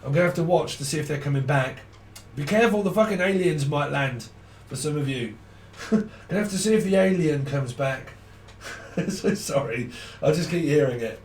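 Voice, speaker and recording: A man's voice: fairly high pitch, expressive, normal speed, darkish tone, distant mic, a little hiss or hum. A man giving a casual, rambling tarot reading, swearing freely and laughing often. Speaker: tarot reader. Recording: roomy sound from off the mic.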